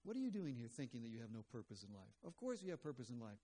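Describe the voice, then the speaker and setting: A man's voice: mid-range voice, big pitch swings, rapid-fire, few pauses, warm tone. Male pastor, mid-range voice, earnest conversational sermon delivery. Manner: conversational, earnest, with frequent fillers.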